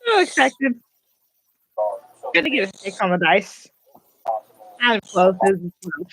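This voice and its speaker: A woman's voice: mid-range voice, very animated, a little slow, fairly bright tone, low-quality recording. A woman playing in a tabletop game, chatting playfully and complaining to the others. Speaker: player. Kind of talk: casual chat while playing a tabletop game.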